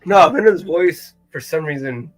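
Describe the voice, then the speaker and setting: A man co-hosting a casual live-stream chat, animated and playful, often slipping into impressions. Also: fairly high pitch, a little slow, faint music behind. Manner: animated, playful, jumps into voices. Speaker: co-host.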